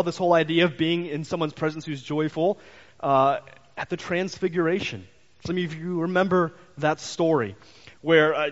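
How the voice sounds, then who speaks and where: A man preaching a sermon as pastor, telling stories in an animated way and briefly acting out the voices he quotes. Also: fairly high pitch. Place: church sanctuary. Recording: muffled church hall reverb.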